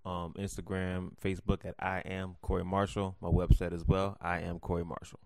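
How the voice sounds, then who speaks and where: A man's voice: deep voice, little pitch movement, moderate pace, gravelly, darkish tone, no room sound, studio quality. A man co-hosting a podcast in casual banter, teasing his partner and laughing easily. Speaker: podcast co-host.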